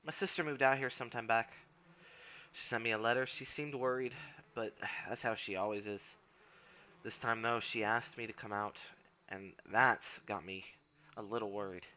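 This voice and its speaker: A man's voice: lowish voice, fairly even intonation, normal speed, sharp tone, dull audio, a little hiss or hum. A man voicing a weathered female wilderness guide, wry and restless, in a put-on accent that drifts toward Irish, reading a game's lines aloud. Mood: earnest.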